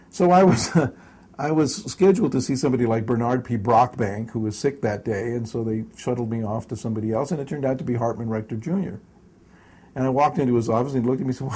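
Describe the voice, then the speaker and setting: A man's voice: medium pitch, fairly quick, warm tone, husky. An older man recounting personal memories as an interview guest, chuckling often and restarting his sentences. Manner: chuckling storyteller with many restarts.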